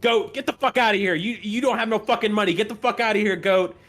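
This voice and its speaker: A hostile tavern barmaid, voiced by a man pitching his voice well up, barks curses in quick, loud bursts. She is curt and foul-mouthed, and she has no patience for anyone who cannot pay. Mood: angry. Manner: yelling, swearing, curt.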